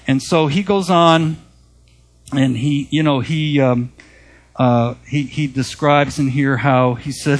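A man preaching and retelling an account to his listeners, with a voice that sits a touch higher than most men's. He tells it in an animated storytelling way and lifts his voice whenever he quotes someone. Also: a little slow. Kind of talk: sermon retelling a written account.

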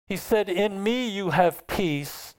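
Slow, clear-voiced preacher man. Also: high voice, animated. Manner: asks the congregation questions and answers them; unhurried and emphatic, with filler restarts. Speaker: pastor. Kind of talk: sermon.

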